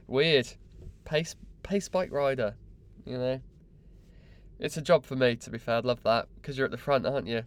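A man's voice: medium pitch, normal speed, pauses often. A young man hosting a podcast, mocking and exasperated in a sweary comic rant. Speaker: podcast host.

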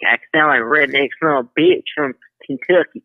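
A man's voice: mid-range voice, fairly quick, dry recording. A man calling in to a talk show, rambling and repeating himself. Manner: rambling, repeats words, drawling. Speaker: caller. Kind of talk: casual call-in banter. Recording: tinny phone line.

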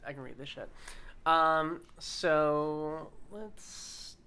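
Very bright, smooth-voiced male player. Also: a little high. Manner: joking, swearing, quick to protest. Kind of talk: playing a tabletop game.

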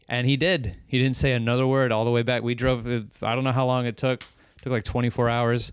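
A man, a stand-up comedian, telling a long story in casual chat, animated and profane, often restarting and acting out what people said. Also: medium pitch, fast talker, clear, resonant tone, no room sound.

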